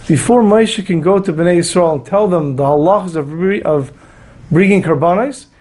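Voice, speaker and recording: A man's voice: high-pitched, a little mellow. A man giving an earnest Torah lecture, telling stories and acting out the quotes. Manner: earnest, storytelling with acted quotes. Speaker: rabbi teaching a weekly Torah class.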